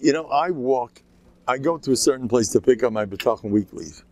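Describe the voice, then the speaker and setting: Gravelly older rabbi, joking and chatty. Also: male voice, medium pitch, animated, fairly quick, a little mellow. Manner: chatty, joking, chuckles between stories. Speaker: rabbi giving a class. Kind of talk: informal humorous talk.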